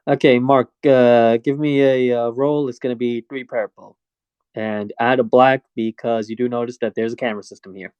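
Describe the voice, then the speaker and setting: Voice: mid-range voice, steady tone, moderate pace, a little mellow, clear, resonant tone, dry recording, dull audio. A game master narrating a tabletop game in a hesitant way, with lots of fillers.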